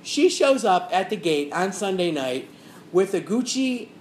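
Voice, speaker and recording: Woman telling a lively anecdote, roomy sound. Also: mid-range voice, unhurried, slight background noise. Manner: animated anecdote-telling, acts out the people she quotes, laughs mid-story. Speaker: storyteller in a casual conversation. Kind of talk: casual chat. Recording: roomy echo with faint ambience.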